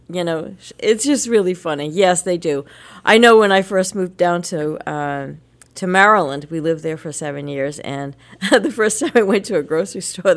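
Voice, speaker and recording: A middle-aged woman from New England co-hosts a casual radio chat, telling long stories with lots of laughter. Her voice sits a little low for a woman. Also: moderate pace. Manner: chatty storyteller, laughs often. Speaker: radio show co-host.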